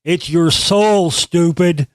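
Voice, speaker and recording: Male host, higher-pitched, dry close sound, foul-mouthed sarcastic rant. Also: takes it slowly, clean tone, dry recording. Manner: profane, sarcastic, animated storytelling. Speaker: channel host. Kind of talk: ranting monologue.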